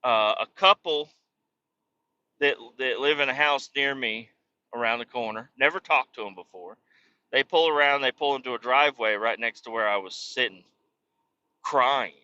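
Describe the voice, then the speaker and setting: Very bright-voiced man rambling through a comic story. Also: mid-range voice, moderate pace, muffled recording. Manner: rambling, profane, self-mocking. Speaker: podcast host. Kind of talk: comedic storytelling monologue.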